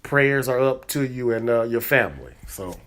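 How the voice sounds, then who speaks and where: A man's voice: medium pitch, animated, normal speed, fairly bright tone. A man hosting his own comedy podcast, telling a story in a rambling casual way with lots of fillers and repeated words. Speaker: podcast host. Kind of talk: casual chat.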